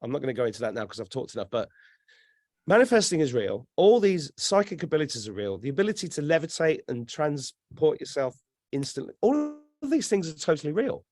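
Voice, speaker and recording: Animated, sweary man. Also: on the high side, a little fast, dry recording. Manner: animated storyteller, swears freely. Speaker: guest. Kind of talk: casual podcast chat.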